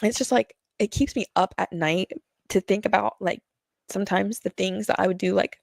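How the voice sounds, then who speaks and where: Nervous, sweating, and close to tears, a young woman shares a painful personal story with her viewers, rambling in slang with lots of fillers. She speaks briskly at medium pitch with vocal fry, in a dry recording.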